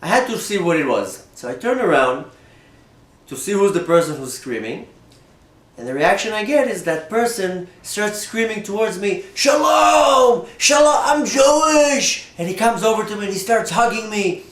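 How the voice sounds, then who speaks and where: A rabbi telling a personal story in an animated way, often repeating and restarting his words. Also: high voice, normal speed, reverberant. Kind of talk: storytelling talk.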